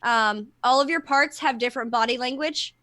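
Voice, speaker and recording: A woman's voice: high-pitched, normal speed, sharp tone. A woman who works with clients, talking openly and explaining things in casual chat. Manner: open, explanatory, many fillers. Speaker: therapist.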